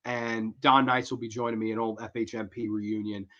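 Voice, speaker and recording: A man's voice: fairly low pitch, little pitch movement, normal speed, fairly bright tone. A young man hosting a horror movie review livestream, chatting casually and rambling as he answers viewers. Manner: rambling, slangy, reads chat aloud. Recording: dull lo-fi stream audio.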